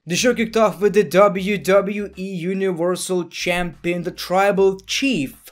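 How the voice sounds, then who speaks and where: A man recapping a wrestling show in a casual voice-over, excitable and jokey with sarcastic asides. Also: on the high side, normal speed, few pauses. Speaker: wrestling reviewer. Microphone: voice-over, no camera.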